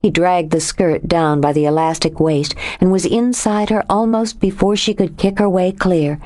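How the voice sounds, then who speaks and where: A woman narrating an audiobook with a steady, expressive reading. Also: lowish voice, moderate pace. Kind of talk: scripted narration.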